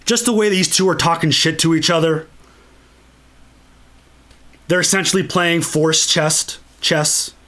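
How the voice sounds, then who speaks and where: A man's voice: fairly high pitch, a little slow, pauses often, pushed and bright. A man hosting a casual movie commentary, enthusiastic and freely swearing. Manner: enthusiastic and profane. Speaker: channel host.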